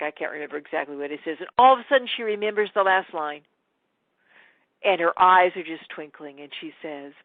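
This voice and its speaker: A woman teaching in a webinar, an animated storyteller who acts out the quotes. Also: fairly low pitch, no echo, narrow, tinny audio. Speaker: spiritual teacher.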